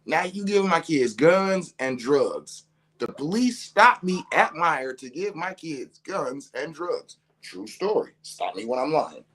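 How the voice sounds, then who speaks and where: Laughing, animated storytelling dad. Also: male voice, on the high side, unhurried, breathy edge. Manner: animated, laughing through his words, swearing freely. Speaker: father telling a story. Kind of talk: casual storytelling to camera.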